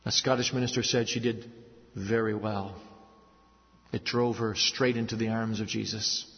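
Earnest preacher in a reverberant hall. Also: male voice, fairly even intonation, gravelly. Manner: earnest preaching, dropping low and slow for stories, rising for emphasis. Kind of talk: sermon. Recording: dull sound with long hall reverb.

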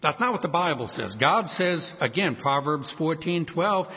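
A man's voice: on the high side, lively intonation, normal speed. A man preaching a sermon, emphatic, acting out back-and-forth exchanges with doubters. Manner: emphatic, acts out quoted exchanges. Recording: dull lo-fi sound with long hall reverb.

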